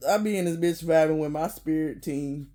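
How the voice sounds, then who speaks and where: A vlogger in a casual rant to camera, blunt and profane, often laughing, dropping to low mutters then bursting out loud. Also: normal speed, a little hiss or hum.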